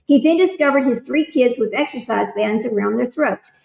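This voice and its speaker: A woman's voice: fairly high pitch, moderate pace, vocal fry, darkish tone, roomy sound, low-quality recording. A woman hosting a casual livestream, reading aloud and chatting loosely with her viewers. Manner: reads aloud, then chats loosely with viewers. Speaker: livestream host.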